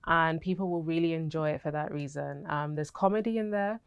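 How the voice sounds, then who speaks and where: Young British actress, low smooth voice, candid and chatty, dry close sound. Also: female voice, a little fast, no echo, lo-fi sound. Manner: candid, chatty, laughs easily. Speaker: actress interviewee. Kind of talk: casual interview answers.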